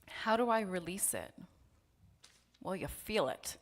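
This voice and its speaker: A woman guides a prayer and reflection at a church gathering. She speaks very slowly in a hushed, partly whispered voice, and a long reverb trails each phrase through the hall. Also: mid-range voice, big pitch swings.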